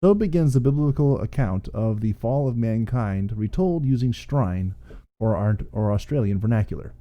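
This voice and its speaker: A man's voice: mid-range voice, expressive, moderate pace, muffled recording. A man hosting a casual podcast, rambling and amused as he talks. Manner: rambling, amused, reads excerpts aloud. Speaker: podcast host.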